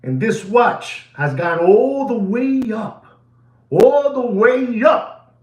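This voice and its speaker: A man giving a watch market update, theatrical and animated, swinging from loud calls to hushed asides and dropping Spanish phrases into his English. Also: very high voice, takes it slowly, roomy sound.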